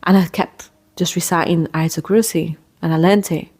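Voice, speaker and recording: A young adult woman hosting a podcast, telling a personal story in an earnest, emotional way with quick restarts and repeated words. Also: on the low side, steady tone, a little mellow. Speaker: podcast host.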